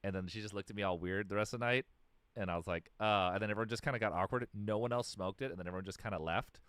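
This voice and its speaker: A man's voice: lowish voice, rapid-fire, fairly bright tone, clear, resonant tone, dry recording. A man, a musician guest in a casual interview, telling stories in a rambling way with lots of fillers and restarts.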